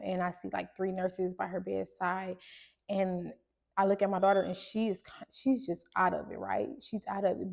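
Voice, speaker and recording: A woman's voice: medium pitch, gravelly, dark tone. A woman, hosting a podcast and telling a personal story to listeners in a conversational way, full of fillers and restarts. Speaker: podcast host.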